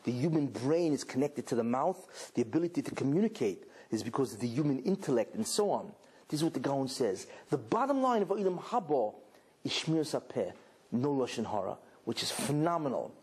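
A man giving a sermon as a rabbi, telling a story with animated delivery and many rhetorical questions. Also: mid-range voice, brisk, breathy edge. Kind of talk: sermon to a live audience.

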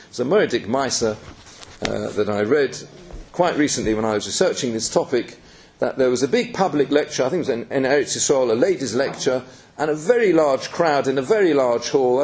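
A man's voice: medium pitch, darkish tone. A man giving an earnest Torah lecture, telling stories and mixing in yeshiva terms. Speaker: Torah teacher.

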